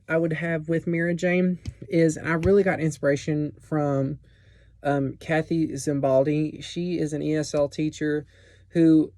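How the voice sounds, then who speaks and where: A man's voice: fairly high pitch, dark tone, dry recording, clean studio sound. A young man presenting a teaching plan for a class in a casual, explanatory way, with many fillers and restarts.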